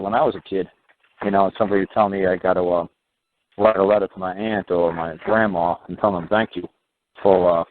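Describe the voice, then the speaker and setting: A man hosting a call-in show, rambling bluntly through stories with plenty of swearing. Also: deep voice. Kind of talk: rambling phone talk, anecdotes. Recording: tinny phone line with faint hiss.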